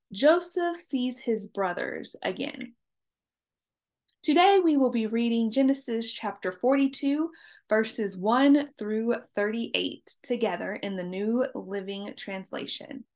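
A woman in a measured, clear voice, reading a Bible passage aloud as the narrator of a daily reading plan. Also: on the high side. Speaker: scripture reader.

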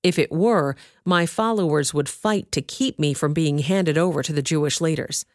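A woman reading the part of a composed man on trial, answering in calm, measured sentences. Her voice sits low and dry, close to the mic, barely changed from her narrating voice. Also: dry recording, lightly acted. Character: calm male teacher, composed prisoner on trial.

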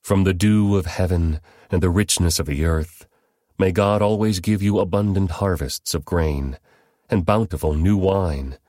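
A man voicing an aged, grave father who speaks in slow, solemn pronouncements. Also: deep voice, darkish tone, no room sound, studio quality.

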